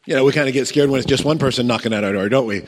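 A man preaching a sermon, telling a story with lively acted-out voices and chuckles and putting questions to the congregation. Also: medium pitch, racing. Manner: animated storytelling, acts out voices, chuckles, asks the crowd questions. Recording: long reverb of a large hall.

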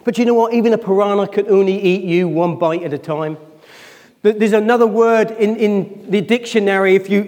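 Pastor guy preaching, emotional, keeps asking the church questions, high voice, echoey hall. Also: a little mellow. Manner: emotional, prone to tears; asks the congregation questions. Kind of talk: sermon.

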